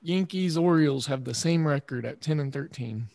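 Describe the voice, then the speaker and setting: A man's voice: a little high, creaky, a little mellow, no room sound. Man hosting, dry close voice. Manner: thinks aloud, measured with pauses and fillers. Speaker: podcast host. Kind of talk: casual chat.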